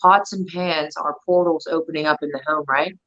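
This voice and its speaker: A woman's voice: deep voice, fairly even intonation, normal speed, a bit bright. Joking, chatty woman, muffled sound. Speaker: guest. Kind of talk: casual chat.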